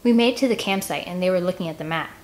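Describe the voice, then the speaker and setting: A woman voicing a matter-of-fact boy who reports news briskly. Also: fairly low pitch, slight background noise, lightly acted.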